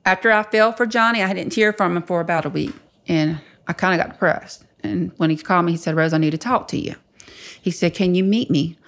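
An older woman telling her story bluntly in an interview, swearing freely and acting out what others said. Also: deep voice. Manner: blunt, profane, quotes others in lively voices. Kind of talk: candid storytelling.

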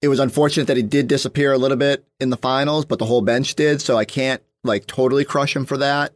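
A man's voice: mid-range voice, steady tone, fast. A sports reporter guesting on a podcast, a man who thinks aloud in casual chat with many restarts and fillers.

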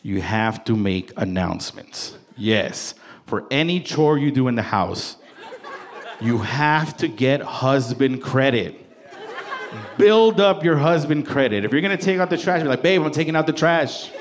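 A man in his thirties performing a playful, conversational stand-up set, slipping into quick voices for his wife and kids. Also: mid-range voice, lively intonation. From Salvadoran heritage. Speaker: stand-up comedian. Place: comedy stage before a live audience. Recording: live crowd laughter and room noise.

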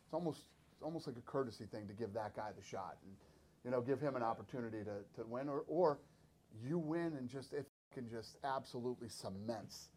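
A man's voice: mid-range voice, a little fast, a little mellow, slightly rough. A man guesting on a podcast as a sports promoter, telling stories emphatically and acting out what others said. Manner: emphatic storyteller, acts out quotes. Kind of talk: casual podcast talk.

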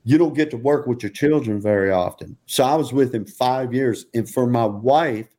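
A man's voice: moderate pace, warm tone. Older man, laughing storyteller. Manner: laughs often, acts out quotes in a higher voice. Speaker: former football coach, guest. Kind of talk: casual podcast chat, storytelling.

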